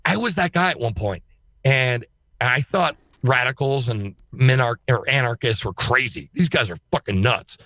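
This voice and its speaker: A man speaking as a guest on a podcast, talking in an emphatic, excitable way and swearing freely. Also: medium pitch, moderate pace, no echo, studio quality. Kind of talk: casual podcast chat.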